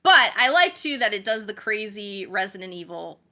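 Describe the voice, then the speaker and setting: A bright-voiced woman chats on a casual gaming podcast. Her voice sits at an ordinary pitch, and she talks eagerly, with plenty of "like" and "um" as she goes. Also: sing-song, normal speed. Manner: chatty and enthusiastic, many fillers like "like" and "um". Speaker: game editor, podcast co-host.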